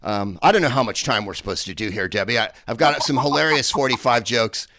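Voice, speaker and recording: A man's voice: medium pitch, a little fast, bright, forceful tone, no room sound. Rambling man doing stand-up from home. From San Francisco. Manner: rambling, digressive delivery with many fillers. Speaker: stand-up comedian. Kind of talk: stand-up set over a video call. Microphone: earpiece headset.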